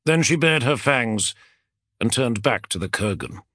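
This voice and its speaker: A man reading a fantasy novel aloud as an audiobook narrator, with a dramatic, expressive delivery. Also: medium pitch, a little slow, no room sound, clean studio sound.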